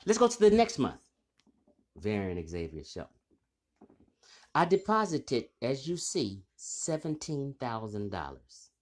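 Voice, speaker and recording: Animated, boastful man calling people out. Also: mid-range voice, unhurried, long pauses. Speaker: channel host. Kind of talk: casual call-out vlog.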